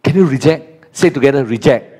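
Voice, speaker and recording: Pastor pria usia 50-an, bahasa ibu Mandarin; khotbah ekspresif, nada naik-turun lebar. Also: male voice, mid-range voice, expressive, unhurried, darkish tone. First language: Chinese. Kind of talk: sermon.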